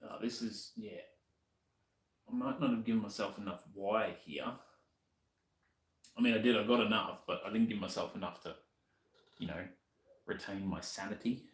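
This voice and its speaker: A man's voice: fairly low pitch, normal speed, pauses often, roomy sound. A man with an Australian accent chatting casually to a stream while he works on a motorbike, muttering to himself as he goes. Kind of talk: casual live-stream chat while working.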